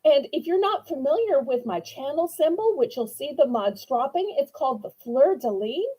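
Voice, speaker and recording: A woman's voice: high-pitched, animated, normal speed, mellow, poor audio. A woman, chatting sweetly and eagerly as she hosts a live online auction. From New Orleans, Louisiana. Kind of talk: live-stream sales chat.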